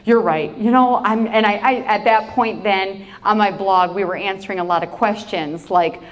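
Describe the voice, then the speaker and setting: A woman agriculture advocate from South Dakota gives a keynote built on stories. She moves from one anecdote to the next in a lively way and often turns to the audience with playful asides. Her voice sits at a middle pitch for a woman. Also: normal speed. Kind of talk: storytelling keynote talk.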